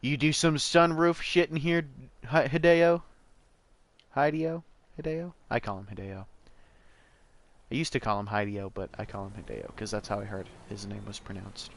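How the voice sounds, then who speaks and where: A man's voice: fairly low pitch, moderate pace, vocal fry, fairly bright tone. Laid-back young man rambling over gameplay. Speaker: gameplay streamer. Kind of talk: casual gameplay commentary.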